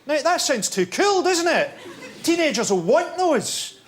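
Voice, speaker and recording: A man, a guest comedian, arguing his side with a deadpan, grim comic delivery. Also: extremely high pitch, a little slow. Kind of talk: dark stand-up style argument. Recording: stage mic, loud audience and noise.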